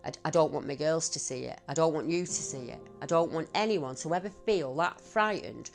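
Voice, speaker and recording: Give me a woman in her fifties telling what she saw, tearful and choking up. Her voice sits a little low, and she halts and repeats herself as the emotion takes over. Faint music plays underneath. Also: brisk, vocal fry. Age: 50s. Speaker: eyewitness interviewee, researcher. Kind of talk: emotional testimony.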